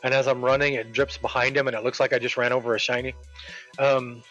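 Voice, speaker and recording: While streaming a game, a man casually recounts a story from work, quoting people in animated voices. He talks fast in a mid-range voice, and the recording is dull and lo-fi with game music behind him.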